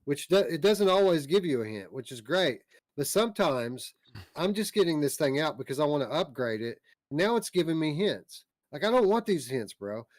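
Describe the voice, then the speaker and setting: A man's voice: a little high, big pitch swings, normal speed, dry recording. A man hosting a casual podcast, ranting bluntly about small annoyances and reading out viewer comments. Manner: blunt, ranting, reads out chat. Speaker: podcast host.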